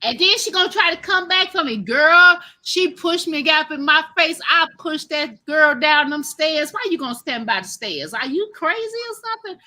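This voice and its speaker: Middle-aged woman host, AAVE, animated live-stream storyteller with a high, bright voice. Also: normal speed, hardly any pauses. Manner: animated, laughing, addresses listeners as y'all. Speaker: host telling a childhood story.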